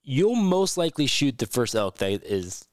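A man hosting a podcast in casual chat, relaxed and leaning on lots of fillers. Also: mid-range voice, moderate pace, dry recording, studio quality. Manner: relaxed, filler-heavy with frequent "like". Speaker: podcast host.

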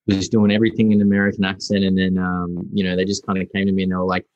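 A young Australian man, a guest actor, chatting casually in an interview, halting and restarting often. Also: low-pitched, completely flat delivery, no echo, highs cut off. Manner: halting, full of restarts and fillers.

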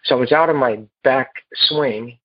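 A man telling his recovery story to a meeting in a halting, earnest way, heard over a phone. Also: medium pitch, no room sound. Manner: halting and earnest, with repeated restarts. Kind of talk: personal recovery story told to a group. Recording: muffled phone line.

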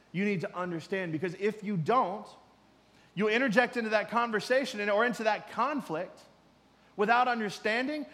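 A middle-aged man preaching a sermon in a conversational way, swinging from loud emphasis to quiet asides. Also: high-pitched, long reverb tail. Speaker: pastor.

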